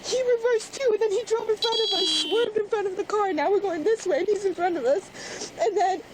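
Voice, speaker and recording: Crying young woman, high-pitched, noisy bodycam. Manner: breathless, halting, rushed retelling. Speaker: crime victim giving a statement. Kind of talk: tearful account to police. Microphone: police body camera. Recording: noisy police bodycam audio.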